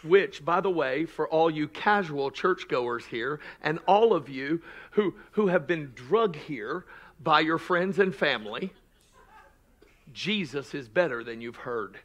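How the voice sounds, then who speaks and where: A man preaches from the pulpit in a high, ringing voice. He climbs to shouted, stretched-out declarations and then drops to low, joking asides. His tone is bright and forceful throughout. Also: expressive, slow pace. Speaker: pastor. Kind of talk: sermon.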